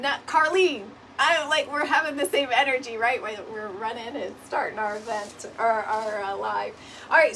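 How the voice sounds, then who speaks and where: Her fairly high, fairly bright voice comes through a distant mic with clear background noise and a barking dog. She's running a casual craft livestream from home, slightly breathless, chatty, and saying hello to viewers by name.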